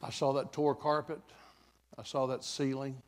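A man's voice: medium pitch, level tone, moderate pace. An older man preaching a revival sermon, telling a folksy story in a conversational way with dramatic bursts.

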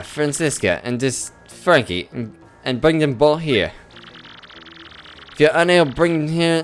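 A man voicing a gruff, menacing male tree-creature mob boss with a put-on mobster accent, reading game dialogue in character. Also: fairly high pitch. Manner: tough-guy gangster slang, threatening.

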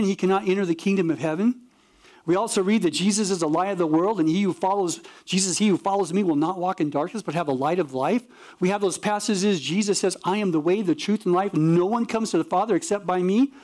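A male pastor with a notably high-pitched voice delivers a sermon to his congregation. He talks with animated energy, slipping into the voices of the people in his stories. His key points land in short, emphatic bursts. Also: brisk. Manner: animated storytelling, acts out dialogue; emphatic, punchy preaching.

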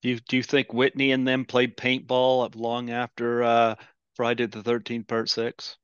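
A man's voice: medium pitch, monotone, moderate pace, clean tone, dry recording. Eager host man, dull dry recording. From Canadian Maritimes. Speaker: podcast host. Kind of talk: casual chat.

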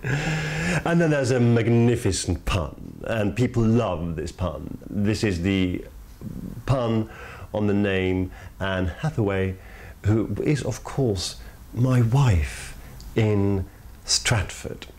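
A man with a somewhat low voice gives earnest spoken commentary as a podcast host. He talks in measured phrases, repeats his points for weight, and jumps up in pitch on the words he wants to stress. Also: lively intonation, darkish tone. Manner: earnest, emphatic, with sudden rises in pitch on key words. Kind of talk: reflective spoken commentary on poetry.

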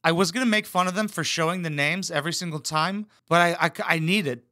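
A man's voice: a little high, fast, sharp tone, soft background music. A man hosting a reaction video, roasting clips with sarcastic, profane commentary. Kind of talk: mocking commentary over clips.

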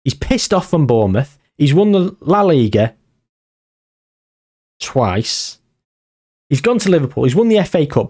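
A young man giving casual gameplay commentary, animated and exclaiming, chatting to his viewers as "gang". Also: fairly high pitch, a little slow, pauses often. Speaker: gaming YouTuber.

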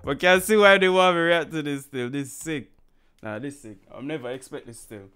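A man's voice: fairly high pitch, brisk, smooth, faint music behind. A man from Jamaica with a Jamaican accent, chatting casually as he reacts to a song and slipping into patois. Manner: relaxed and chatty, slips into patois, frequent "you understand?". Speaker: music reaction host. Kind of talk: casual music reaction commentary.

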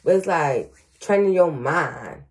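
A woman's voice: sits low, animated, slow. A grandmother working as a psychic medium, giving a casual reading to viewers with frequent stutters, fillers and "y'all". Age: older.

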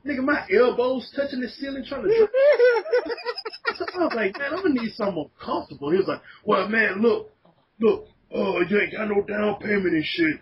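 A man's voice: sits high, moderate pace. A man telling profane stories in a casual podcast chat. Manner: animated, laughing, profane storytelling. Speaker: podcast guest. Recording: dull lo-fi podcast audio with faint noise.

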